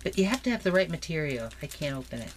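A woman chatting excitedly through a crafting unboxing, gushing and laughing often in her home craft room. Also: low-pitched, fast. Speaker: crafting vlogger. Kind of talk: casual unboxing chat. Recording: noisy home recording.

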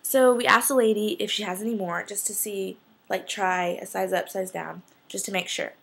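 A woman's voice: mid-range voice, normal speed, gravelly, husky. Gushing young woman telling a story. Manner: excited and gushing, filler-heavy. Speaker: fashion vlogger. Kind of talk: casual storytelling vlog.

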